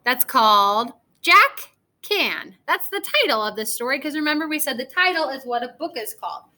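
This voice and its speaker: A woman teaching a first grade class through a recorded reading lesson, speaking gently and asking the children encouraging questions. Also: sits high, expressive, quick pace.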